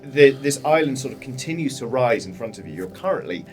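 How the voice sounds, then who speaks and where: A man's voice: mid-range voice, expressive, brisk, music in the background. A British man narrating as dungeon master, describing scenes and making sound effects. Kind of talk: narrating a tabletop game.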